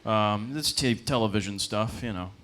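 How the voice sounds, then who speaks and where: On a comedy club stage, a young guy does a rambling stand-up set at normal speed, his voice on the low side with a fairly bright tone. He fills the routine with ums, mocks himself, and laughs at his own jokes.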